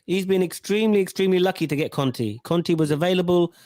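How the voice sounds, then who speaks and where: Brief: male host, slightly high voice, chatty, dry close mic. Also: darkish tone, no echo. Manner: chatty, quick to pass questions around. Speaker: host reading viewer comments. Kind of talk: casual podcast hosting.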